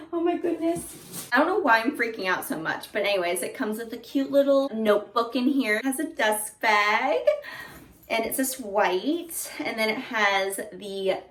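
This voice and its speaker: A young woman vlogging an excited unboxing at home, gushing with lots of "like" and "oh my God". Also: fairly high pitch. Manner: gushing, breathless, fillers like "like" and "oh my God". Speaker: beauty and fashion vlogger. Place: home indoors. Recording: echoey room, faint noise.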